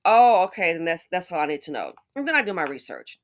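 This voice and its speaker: A woman with a fairly low voice talks through her commentary in a loose, chatty way. She gets animated in her asides and keeps a conversational tone throughout. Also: fast. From United States. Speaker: commentary YouTuber. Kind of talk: casual commentary monologue.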